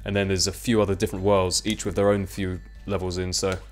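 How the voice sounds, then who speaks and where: A young man comments on a video game as he plays, chatty and self-mocking. His voice sits fairly low, and soft game music plays underneath. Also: flat delivery, quick pace. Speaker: let's play commentator. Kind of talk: casual gameplay commentary.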